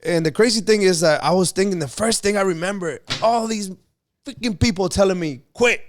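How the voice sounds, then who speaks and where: A man hosting a podcast, telling stories in casual chat and getting animated as he goes. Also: high voice, a little fast, a little hiss or hum. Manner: animated storytelling, gets excited. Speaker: podcast host.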